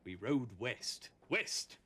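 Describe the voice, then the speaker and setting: A man's voice: mid-range voice, very animated, slow, bright, forceful tone, husky, full character voice. An actor playing a self-important man at a library, speaking in a stiff, proud way. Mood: pompous. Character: pompous male library visitor proud of ancestry. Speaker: actor in a teaching sketch.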